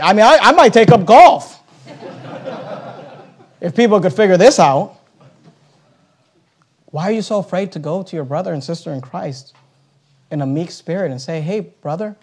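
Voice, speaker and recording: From the pulpit, a pastor preaches in a high voice, moving between soft, earnest passages and loud, lively outbursts. He acts out short dialogues between people and quotes scripture as he goes.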